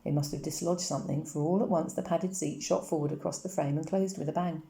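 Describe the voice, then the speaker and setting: A woman reads a novel aloud in a steady, even storytelling manner. Her voice is low and dark with a gravelly edge. The recording carries a roomy echo. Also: quick pace. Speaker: audiobook reader.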